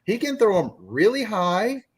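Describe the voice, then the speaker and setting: A man's voice: high voice, very animated, a little slow, husky. A man chatting as a guest on a video podcast, explaining things at length and with enthusiasm. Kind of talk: casual chat.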